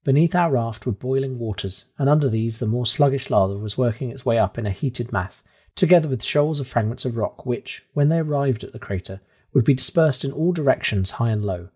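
Man, audiobook reader, husky voice, steady, measured, mid pitch. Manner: steady, measured first-person storytelling. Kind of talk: scripted narration of a classic novel.

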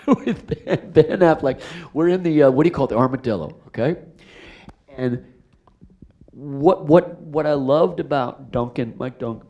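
A middle-aged man, a film director, telling stories at a live Q&A after a screening, acting out voices in his anecdotes. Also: mid-range voice. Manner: animated, acts out voices in anecdotes. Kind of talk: storytelling at a live Q&A. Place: theater stage after a screening.

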